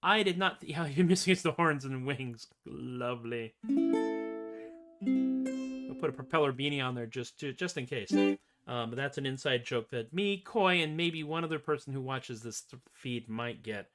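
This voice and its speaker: Guy rambling and joking between songs, guitar going loud behind him. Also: mid-range voice, moderate pace. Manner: rambling, jokey, self-mocking asides. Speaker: singer-songwriter host. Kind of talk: casual livestream chat between songs. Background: acoustic guitar.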